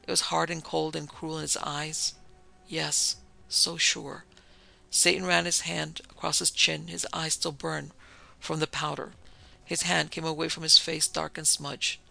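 Male storybook narrator, sharp, bright tone, flat, even delivery. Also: on the high side, unhurried, gravelly. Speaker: audiobook narrator. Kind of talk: storybook reading of a pulp detective tale.

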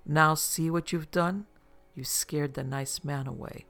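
A man's voice: fairly high pitch, a little fast, creaky, faint music behind. A man reading a story aloud, voicing a tipsy, flippant middle-aged man with a loose, mocking drawl. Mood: mock-grave.

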